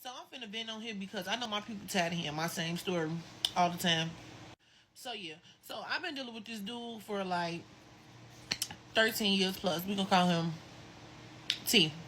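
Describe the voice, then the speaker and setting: A woman's voice: medium pitch, normal speed, long pauses, background noise. A woman venting about a long relationship, speaking bluntly with casual slang and cursing. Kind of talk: venting storytime. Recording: faint room ambience.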